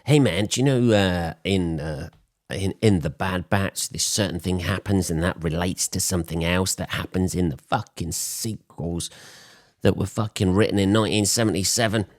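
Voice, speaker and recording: A man in his forties, hoarse from a cold, hosting a podcast in a blunt, swearing, rambling monologue. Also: sits low, steady tone, moderate pace, no room sound, studio quality. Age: 40s. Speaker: podcast host. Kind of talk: casual solo podcast monologue.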